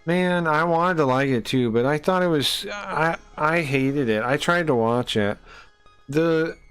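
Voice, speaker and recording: A man's voice: a little high, measured pace, a bit bright, smooth, soft background music. A man streaming a game, chatting casually in a loose, rambling, profane way. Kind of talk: casual live-stream chat while playing.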